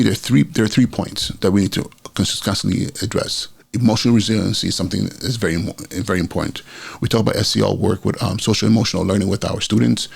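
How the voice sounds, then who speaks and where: A man's voice: on the low side, creaky, a little mellow, husky. A middle-aged man, a school principal hosting his own podcast, talking casually with many fillers and restarts. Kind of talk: casual solo podcast talk.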